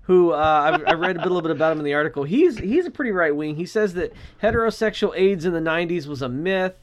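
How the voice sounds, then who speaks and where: A man's voice: high-pitched, lively intonation, quick pace, noisy background. A man co-hosting a podcast in a casual, profane chat with dry sarcasm. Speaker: podcast co-host.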